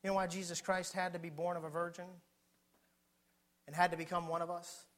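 A male preacher delivering a sermon in a high, bright, ringing voice. He talks fervently and keeps asking his listeners questions. His delivery swings between hushed stretches and shouted ones. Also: level tone, a little fast.

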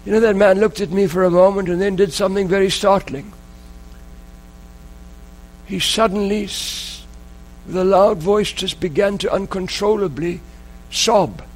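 A man preaching a sermon, telling a story in an earnest, emotional way with dramatic pauses. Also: high-pitched, steady tone, rough recording.

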